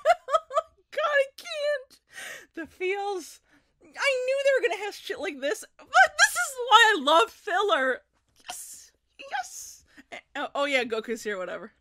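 Squealing high-pitched young woman reacting. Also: big pitch swings, measured pace, bright, forceful tone, no echo, clean studio sound. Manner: screaming, squealing and laughing often, swears freely. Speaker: anime reaction YouTuber. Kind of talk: excited reaction commentary.

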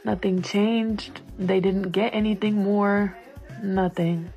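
A woman's voice: medium pitch, steady tone, takes it slowly, gravelly, dark tone, faint music behind. Emphatic, indignant woman swearing. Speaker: friend and guest. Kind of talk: casual chat.

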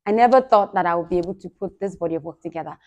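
A woman delivers a warm-hearted thank-you speech to her fans. She is effusive and laughs often, jumping from loud, bright bursts to hushed, murmured gratitude. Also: fairly low pitch, very fast. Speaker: singer thanking supporters.

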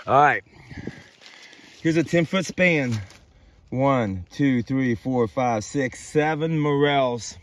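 Excited man rambling outdoors in the woods. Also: mid-range voice, slow pace, pauses often. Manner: excited, rambling, talks to mushrooms playfully. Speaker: vlogger. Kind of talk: casual outdoor vlog narration.

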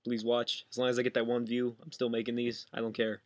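A young man rambles through a casual vlog in his bedroom, jumping from thought to thought and interrupting himself. His voice sits at an ordinary middle pitch. The sound is dry and close, with no room echo. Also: completely flat delivery. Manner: fast, scattered, self-interrupting. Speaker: vlogger. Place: cluttered bedroom at home.

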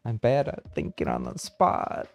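A man streaming a game, chatting casually with viewers, a bit hesitant and quick to laugh, his voice a little hoarse. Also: fairly low pitch, soft background music. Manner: relaxed, hesitant, laughs often. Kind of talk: casual live-stream chat.

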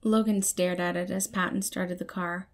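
A woman narrating fan fiction as an audiobook in an even, measured way. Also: lowish voice. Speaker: podfic reader.

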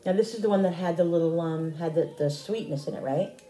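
A woman's voice: fairly low pitch, brisk, dark tone, echoey room, soft background music, low-quality recording. A middle-aged woman chatting casually to her viewers while cooking in her home kitchen. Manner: chatty, talks straight to viewers. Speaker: cooking vlogger.

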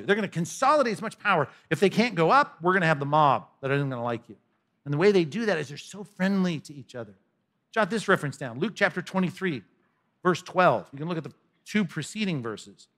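Male pastor, conversational sermon delivery, animated and expressive, slightly high voice. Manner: conversational, animated, humorous asides.

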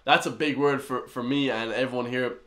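A young Irish reaction host whose accent carries an American tinge, excitable and full of slang, calling his viewers guys and bro. His voice sits at an ordinary middle pitch for a man. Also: fairly quick, slight background noise. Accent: Irish with an American influence. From Ireland. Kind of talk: reaction commentary.

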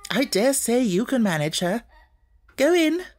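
A cold, stern schoolmistress from an old storybook, as a man puts her on. Her words come out sharp and clipped, pitched well above his own voice, with a stiff, frosty politeness. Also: very animated, measured pace, full character voice. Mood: stiffly approving.

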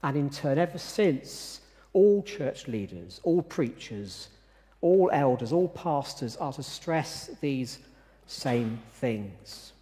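A man preaching a sermon in a measured, emphatic way, pausing often to stress his words. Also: mid-range voice, lively intonation, mellow. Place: church. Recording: reverberant church sanctuary.

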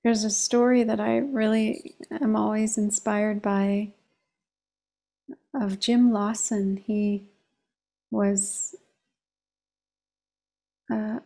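Female meditation teacher, calm and measured, slow-paced reflective storyteller. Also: medium pitch, creaky.

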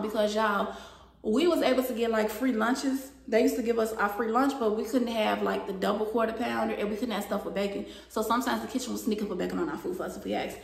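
A young woman vlogger recounts a workplace story in a casual, animated way, dropping swear words without hesitation. Her voice carries a gravelly fry, and the room around her rings with echo. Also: a little high, quick pace. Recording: echoey room.

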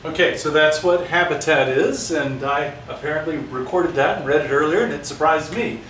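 A man's voice: a little high, normal speed, a bit bright, slight background noise. Chatty male teacher in an echoey room. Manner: chatty, joking asides to students. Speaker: science teacher. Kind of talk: casual classroom lesson. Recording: roomy sound, distant mic.

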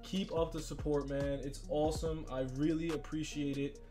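A young man hosts his own channel and talks over sports-game footage in a fairly high, eager voice. He gets loud and hyped, talks right to his viewers, and a faint music bed plays under him. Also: normal speed. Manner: hyped, talks straight to fans, shouts when excited. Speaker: gaming channel host. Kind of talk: excited gameplay commentary.

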